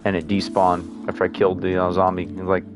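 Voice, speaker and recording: A man's voice: deep voice, monotone, fast, over music. A man rambling through casual gameplay commentary, full of "like" and mild swearing. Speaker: gaming streamer.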